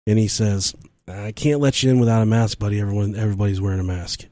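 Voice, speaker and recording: Profane, animated podcast storyteller man. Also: lowish voice, fast, no echo. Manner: profane, animated storyteller who acts out quotes. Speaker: podcast co-host. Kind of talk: casual podcast chat, storytelling.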